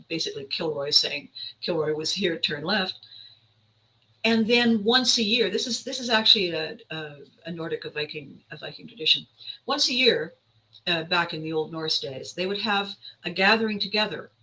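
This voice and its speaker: A woman hosting a podcast, telling a story in an animated, wry way, repeating lines for emphasis and acting out the people she quotes. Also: fairly low pitch, moderate pace, low-quality recording. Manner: acts out quoted voices. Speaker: podcast host. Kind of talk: storytelling monologue.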